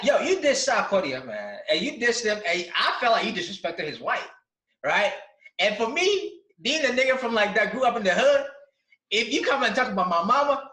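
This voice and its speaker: A man hosts a casual interview, ranting and swearing with animated energy. His voice is high and lively, rising and falling a lot. It is bright and sounds echoey, as if recorded in a roomy space. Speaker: interview host.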